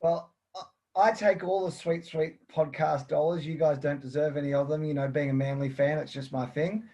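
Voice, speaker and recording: A man's voice: a little high, steady tone, moderate pace, warm tone. A man co-hosting a podcast, trading mock insults and jokes in casual banter. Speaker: podcast co-host.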